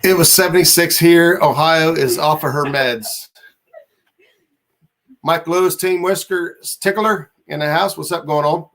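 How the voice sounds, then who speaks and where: A man's voice: on the high side, a little slow, fairly bright tone. A man hosting a casual livestream chat, laid-back and rambling as he reads out viewer comments. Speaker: livestream host.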